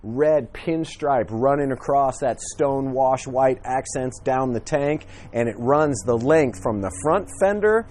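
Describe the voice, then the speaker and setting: A man's voice: mid-range voice, a little mellow, slight background noise. Upbeat man walking through motorcycles. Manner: friendly, enthusiastic, with frequent fillers. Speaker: motorcycle dealership presenter. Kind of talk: casual product walkthrough. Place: outdoors at a dealership, in the sunshine. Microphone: handheld camera.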